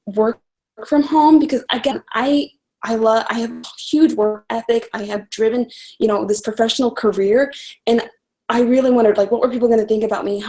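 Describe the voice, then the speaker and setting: A young woman with a slightly high voice tells her own story on a live call. She speaks earnestly and from the heart, rushing ahead with quick restarts. It sounds like a casual, unscripted testimonial. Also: a little mellow, low-quality recording. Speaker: coach sharing her story.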